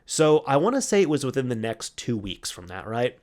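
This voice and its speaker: Hosting his podcast alone, a man recalls an old story from work in a casual way, quoting coworkers in his own voice and laughing as he remembers. His medium-pitched, darkish voice moves a bit fast with big swings in pitch.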